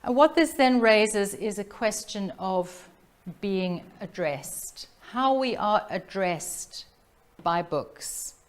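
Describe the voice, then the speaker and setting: Woman lecturer, middle-aged, from south africa, measured, reflective, hesitant restarts. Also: mid-range voice, animated, clear, resonant tone. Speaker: literature professor giving a talk. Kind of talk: academic lecture.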